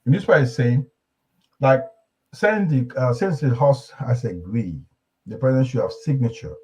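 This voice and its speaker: A man's voice: mid-range voice, expressive, moderate pace, darkish tone, poor audio. A man hosting a live panel discussion, reading newspaper headlines aloud with rambling asides. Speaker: talk show host.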